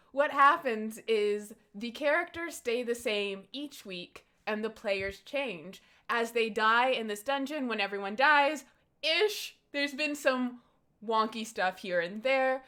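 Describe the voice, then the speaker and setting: A woman's voice: fairly high pitch, measured pace, fairly bright tone. A woman running a tabletop game as game master, upbeat and encouraging, with many fillers.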